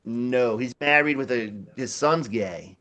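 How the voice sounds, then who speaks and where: A man's voice: medium pitch, unhurried, fairly bright tone. A man, telling a rambling, profane story in casual chat, laughing often. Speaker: podcast host.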